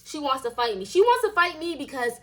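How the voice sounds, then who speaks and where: Young woman, storytime vlogger, casual swearing rant, slightly high voice, lively delivery. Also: fast talker, slight background noise. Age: young adult. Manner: animated, swearing, acts out quoted lines in a higher voice.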